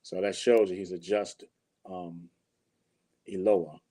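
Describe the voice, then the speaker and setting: Low-voiced man answering thoughtfully. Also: flat delivery, warm tone. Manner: measured and thoughtful, with frequent ums. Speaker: podcast co-host in a scripture discussion. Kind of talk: casual scripture discussion.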